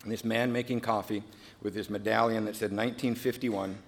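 A man sharing his recovery story at a meeting, a lively storyteller who acts out the other people's voices and goes quiet and earnest when he reflects. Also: lowish voice, fairly quick, a little hiss or hum.

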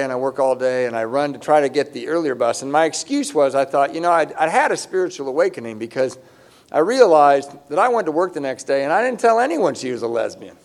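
Self-mocking man telling a comic story. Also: fairly high pitch. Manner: animated, self-mocking, acts out voices.

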